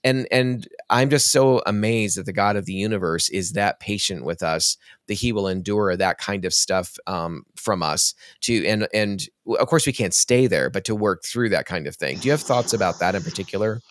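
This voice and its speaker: A man's voice: fairly low pitch, normal speed, few pauses, dry recording. A man hosting an interview, reflecting thoughtfully and rambling a little before he asks his guest a question. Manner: thoughtful, rambling with restarts and soft affirmations. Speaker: podcast host.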